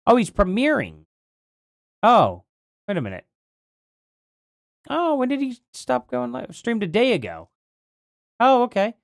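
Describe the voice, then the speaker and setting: A livestream host talks casually and thinks aloud as they read, wandering from one point to the next. The voice is starting to go and the pitch swings up and down a lot. It sounds close and dry, with no room sound. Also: wildly swooping pitch, measured pace, vocal fry, pauses often, no room sound. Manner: rambling, thinks aloud while reading.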